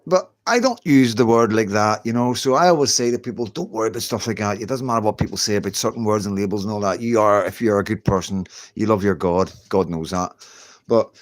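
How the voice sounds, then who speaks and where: A man's voice: on the low side, quick pace. A middle-aged man, chatting casually on a livestream from home, reassuring and conversational. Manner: chatty, reassuring, keeps saying "you know what I mean". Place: at home, indoors.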